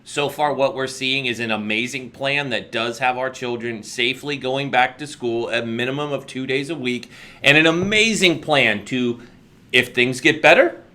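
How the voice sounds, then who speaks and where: A man's voice: mid-range voice, pushed and bright. A middle-aged American man hosting an interview podcast, talking in a rambling, opinionated way with joking asides. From United States. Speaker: podcast host. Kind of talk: casual interview chat.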